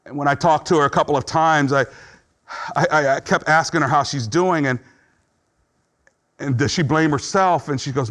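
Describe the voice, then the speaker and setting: A man's voice: on the high side, normal speed, long pauses, a bit bright. A man preaching a sermon as pastor, speaking earnestly and conversationally, dramatizing the thoughts he describes.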